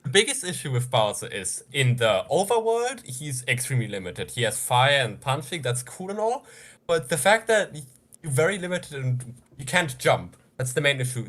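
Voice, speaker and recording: A man's voice: medium pitch, sing-song, moderate pace, fairly bright tone. A man calling in to a live stream, casually arguing his opinion. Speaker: caller. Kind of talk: casual call-in argument.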